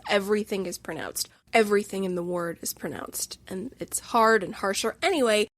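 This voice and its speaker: An instructor hosts a solo podcast, talking through a film review in an emotional, gushing and candid way. Her voice is mid-range, with no echo.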